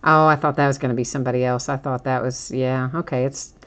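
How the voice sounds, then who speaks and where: A woman with a notably low voice hosts a live card break stream. She chats easily, teases herself and laughs often while stumbling over hard names. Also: fairly even intonation, fast talker, a bit bright. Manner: chatty and self-teasing, laughs often.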